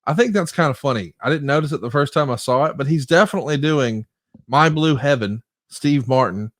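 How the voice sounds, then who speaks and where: A man co-hosting a podcast, briskly recapping wrestling matches in a lively, storytelling way. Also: medium pitch, no room sound, studio quality. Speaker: podcast co-host. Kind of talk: casual podcast chat.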